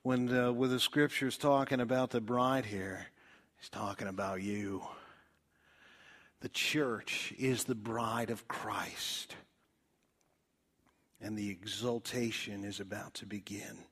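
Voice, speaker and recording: Slow, emphatic preaching man. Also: on the low side. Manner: preaching with swells of emphasis and soft drops, addressing listeners as friends. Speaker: pastor. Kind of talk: sermon.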